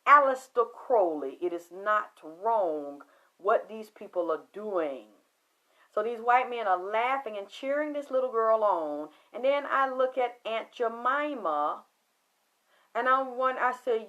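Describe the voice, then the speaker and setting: High-voiced woman, preachy profane storytelling. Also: lively intonation, a little slow, dull audio. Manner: emphatic, preachy, swings from shouting to hushed. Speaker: spiritual talk host.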